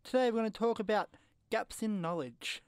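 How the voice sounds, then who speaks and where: A man's voice: high-pitched, moderate pace, clean tone, no echo, clean studio sound. A young man hosting a casual student radio show, playful and jokey, tripping over his words now and then. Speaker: radio host. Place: radio studio. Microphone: studio microphone.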